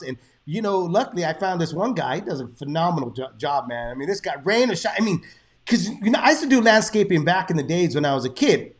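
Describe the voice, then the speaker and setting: A man in his thirties with a fairly high voice. He hosts a boxing show in a laid-back, chatty way, swearing freely as he tells stories. He slips into Spanish now and then. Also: very animated, fast. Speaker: boxing podcast host. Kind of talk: casual chat.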